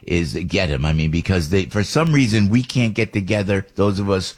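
A middle-aged American man with a very deep, husky voice hosts a talk radio show. He rambles from one opinion to the next and often restarts his sentences. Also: normal speed. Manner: rambling, animated, with many restarts and asides.

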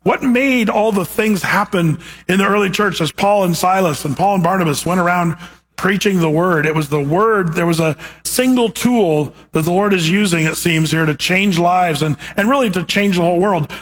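A man's voice: sits high, expressive, normal speed, fairly bright tone. A man preaching a sermon as a pastor, teaching in a conversational way with rhetorical questions.

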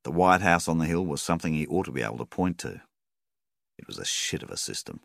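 A man narrating an audiobook in a very deep, gravelly voice. His intonation moves a lot as he tells the story. The sound is close and dry. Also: big pitch swings, fast, fairly bright tone, no room sound. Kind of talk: scripted narration.

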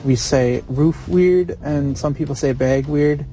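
A man's voice: fairly high pitch, a little slow, warm tone, far from the mic, faint music behind. A man with a Wisconsin accent casually describing how people there talk, in a recorded listener message. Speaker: listener calling in.

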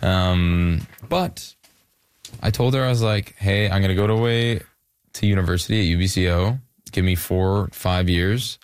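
Laid-back deep-voiced young man. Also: a little slow, smooth, no echo, studio quality. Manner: relaxed, rambling with many fillers. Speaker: musician guest. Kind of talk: casual interview chat.

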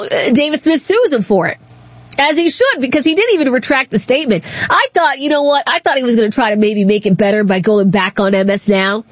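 A woman hosting a talk radio show, telling stories and giving opinions in an animated, casual way. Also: on the high side, no echo. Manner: animated storytelling, laughs often.

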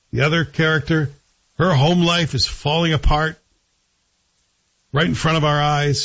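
A man's voice: mid-range voice, slightly rough, highs cut off. A man chatting casually and wryly about a TV series, asking himself rhetorical questions as he reviews it. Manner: wry, conversational, rhetorical questions.

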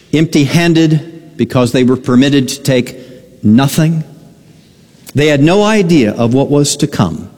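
Slow earnest preaching man, reverberant. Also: on the high side. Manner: slow, earnest storytelling with dramatic pauses. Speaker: pastor. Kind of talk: sermon.

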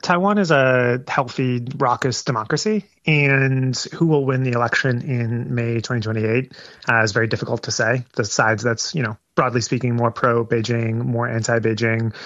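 Measured man on a dull dry line. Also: medium pitch, steady tone, a bit bright, no echo. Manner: measured, with frequent repeated words. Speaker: guest analyst. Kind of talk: radio interview answers.

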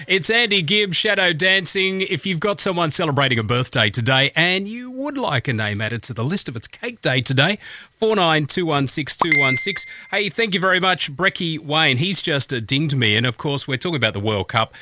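A man's voice: a little high, animated, moderate pace, sharp tone, dry recording. A man with an Australian accent, hosting a breakfast radio show and chatting casually while reading out listener messages. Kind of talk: casual morning radio chat. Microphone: studio microphone.

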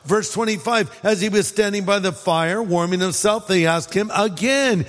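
A man's voice: high-pitched, moderate pace, few pauses, a bit bright, in a large hall, faint music behind. A man from California preaching a sermon in a conversational way, acting out quoted lines. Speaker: pastor.

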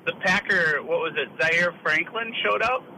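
A man calling into a sports radio show, rambling with laughs and halting starts. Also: a little high, background noise. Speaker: caller. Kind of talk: casual call-in chat.

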